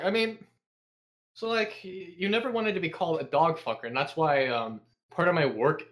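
This young man's voice sits a little high and moves at a normal speed. As a podcast guest, he rambles through casual stories, swearing constantly, dripping sarcasm and slipping into animated impressions of his coworkers.

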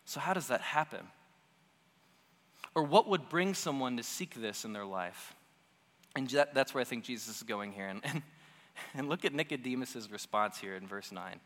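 A male preacher delivering a sermon with a lively, widely swinging, fairly high voice. His tone is bright and forceful, and he often repeats phrases for emphasis. A long reverb from the church hall trails behind each line. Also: normal speed, pauses often. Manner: conversational, animated teaching with repeated phrases.

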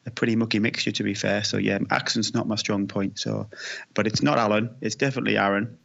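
Low gravelly English man, lo-fi. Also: fairly even intonation, quick pace, a bit bright. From England. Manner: self-deprecating, jokey. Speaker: podcast co-host. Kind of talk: casual sports podcast chat. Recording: dull lo-fi sound.

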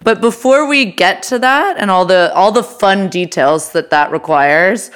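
A woman's voice: mid-range voice, a little slow, clean tone. A woman co-hosting a podcast, setting up topics and teasing her co-host in a dry, wry way. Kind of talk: casual chat.

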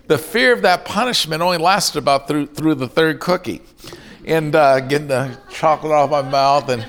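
A middle-aged male pastor preaching with earnest conviction, his voice gravelly with fry. He sits a touch higher than most men and often slips into acting out short quoted lines from his stories. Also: normal speed, fairly bright tone. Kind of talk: sermon.

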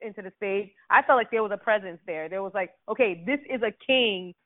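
A woman co-hosting a podcast, chatting about a movie in an expressive way, exclaiming and asking questions. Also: mid-range voice, fairly quick, no echo. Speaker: podcast co-host. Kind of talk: casual movie review chat. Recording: dry, tinny phone-like sound.

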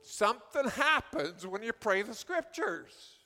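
A man preaching a sermon as a pastor, moving from steady teaching into fervent spoken prayer. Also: lowish voice, takes it slowly, creaky, long pauses. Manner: builds to near-shouting fervent prayer. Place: church hall. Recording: long hall reverb.

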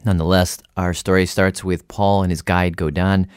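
A man hosting a radio show, narrating and asking curious, animated questions. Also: deep voice, moderate pace, clean tone, dry recording. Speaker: host.

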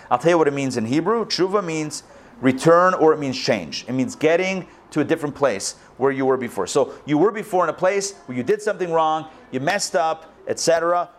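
A man teaching a live Torah class as a rabbi, telling the story with lively, acted-out lines. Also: medium pitch. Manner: animated storytelling, acts out quoted lines. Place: school hall, recorded live.

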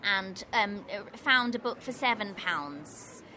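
Bright-voiced woman, playful. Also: medium pitch, expressive, takes it slowly. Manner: playful, mock-serious, laughs often. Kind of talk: casual comedic chat.

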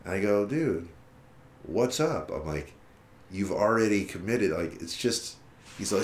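A musician guest with a lowish voice speaks at a measured pace, pausing often, in an echoey room with slight hiss or hum. Cursing freely during a relaxed interview, he recounts a long story and performs the other people's words.

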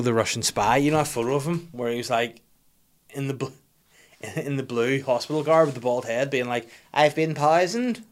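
A man, telling funny self-deprecating stories about his life in casual, sweary talk. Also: mid-range voice. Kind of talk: casual storytelling monologue.

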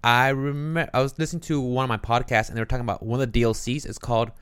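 A man co-hosting a casual podcast chat, easygoing and chatty, quick to joke along. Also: mid-range voice, steady tone, fairly bright tone, smooth, no echo. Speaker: podcast co-host.

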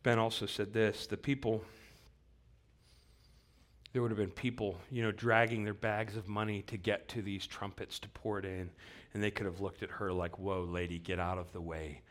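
A man's voice: on the low side, little pitch movement, moderate pace. A man preaching a sermon, earnest and repeating key phrases for weight, rising to emphatic bursts as he reads scripture aloud. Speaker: pastor.

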